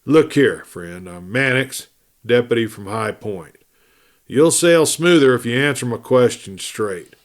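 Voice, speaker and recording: A man's voice: mid-range voice, animated, unhurried, natural voice. A man reading aloud, voicing a stern, commanding frontier deputy with a curt manner.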